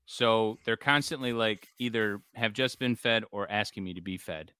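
A man in his thirties with a lowish, bright and very clear voice, chatting casually as a podcast co-host. He tells family stories animatedly and laughs a lot. The sound is dry and close. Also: moderate pace, dry recording. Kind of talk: casual chat.

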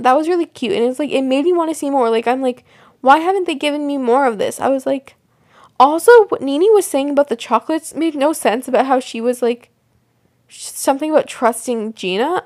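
A woman's voice: sits high, a little mellow. A young woman hosting a casual solo podcast, rambling with lots of fillers and restarts. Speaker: podcast host. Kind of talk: casual solo podcast chat about a TV show.

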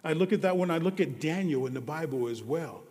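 A man preaching a sermon as pastor, earnest, moving between hushed and emphatic delivery. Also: a little high, lively intonation, fairly quick. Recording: long reverb of a large hall.

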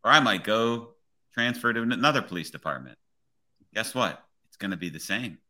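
A police officer hosting a podcast, talking in an earnest, motivational way and often checking in with "right?". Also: male voice, fairly low pitch, expressive, brisk, bright, forceful tone. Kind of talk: casual podcast conversation.

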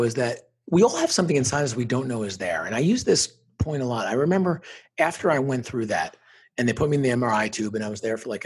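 As an interview guest sharing an emotional personal story, this middle-aged man speaks at a medium pitch in a strongly husky, rough-edged voice. His style is that of a motivational speaker: intense and emphatic, with punchy phrases repeated to drive each point home.

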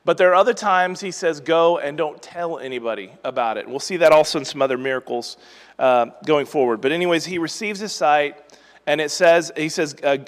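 A man hosting a Bible teaching podcast, reading scripture aloud and then explaining it in a relaxed, conversational way. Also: a little high. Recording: long reverberant hall sound.

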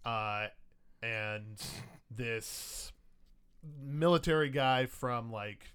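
A man narrating a tabletop role-playing game as game master, in a slow, drawn-out delivery full of fillers. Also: medium pitch, a bit bright, clear, resonant tone.

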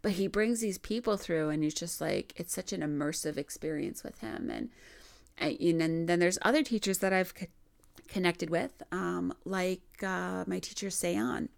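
A woman's voice: on the low side, moderate pace, vocal fry. A woman from Minnesota hosting a podcast, telling personal stories in a chatty, laughing way. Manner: chatty, laughing often, frequent "like" fillers. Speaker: podcast host. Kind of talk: casual spiritual storytelling.

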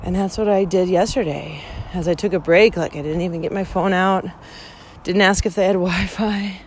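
A woman's voice: lowish voice, fairly even intonation, normal speed, slight background noise. A woman talking through a personal monologue outdoors, candid and emotional, with frequent swearing and fillers. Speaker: podcast host hiking a long-distance trail.

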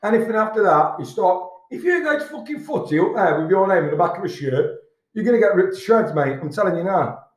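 A middle-aged Englishman hosts a casual chat show, ranting bluntly and swearing often. His voice sits fairly high for a man. The room is echoey. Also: animated, fast. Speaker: podcast host. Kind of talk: casual pub-style chat.

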